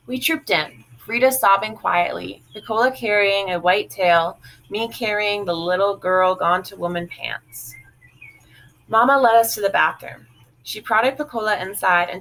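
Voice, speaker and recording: A woman reading a literary novel aloud in a measured, even way. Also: mid-range voice, vocal fry, rough recording. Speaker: audiobook reader.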